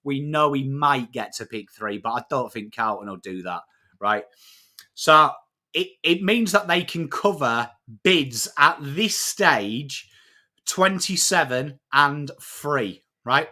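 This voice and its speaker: A man's voice: medium pitch, slow pace. An English man hosting a live footy stream, chatting matily with viewers and breaking down trades, swearing now and then. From England. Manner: matey, excitable, swears freely, greets chat by name. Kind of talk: casual live-stream chat and trade analysis.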